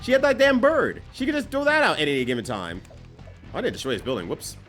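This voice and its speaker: A male streamer talks over his gameplay in a loose, joking ramble, cursing casually as he goes. His voice sits a little high for a man and swings widely in pitch. Faint music plays behind him. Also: lively intonation, quick pace, a bit bright. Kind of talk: live gameplay commentary.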